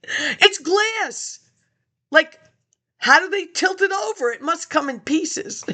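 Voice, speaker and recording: A woman's voice: extremely high pitch, animated, slow, bright, forceful tone. A woman vlogger in a rambling casual monologue, hopping from topic to topic, chuckling to herself and speaking straight to her viewers. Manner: chatty, jumps between topics, chuckles to herself.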